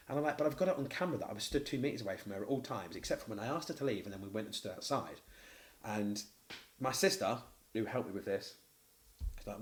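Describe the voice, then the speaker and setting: A man with a Mancunian accent, a tattoo studio owner, telling a story in casual podcast chat, blunt and animated, swearing freely. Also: on the low side. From Manchester, England.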